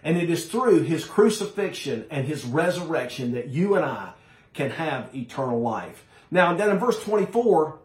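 A man's voice: a little high, big pitch swings, moderate pace. Emphatic male preacher, echoey room. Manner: emphatic, addresses listeners as folks. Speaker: pastor. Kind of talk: sermon.

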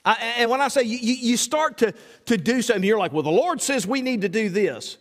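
A man's voice: very high-pitched, expressive, fairly quick. A man preaching a sermon as a pastor, asking rhetorical questions and repeating himself as he builds his points. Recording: long hall reverb.

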